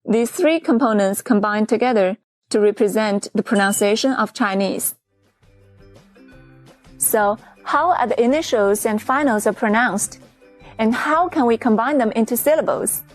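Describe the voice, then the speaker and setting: Woman teacher, kinda high voice, slow careful explaining, dry booth, soft music under. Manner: clear, patient, explaining step by step. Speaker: Chinese teacher. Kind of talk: scripted lesson narration.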